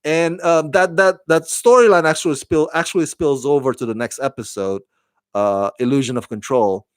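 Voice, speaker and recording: A man's voice: fairly high pitch, normal speed, clear, resonant tone, dry recording, studio quality. Rambling man reviewing a show. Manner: rambling, with many fillers and restarts. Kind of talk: casual episode review.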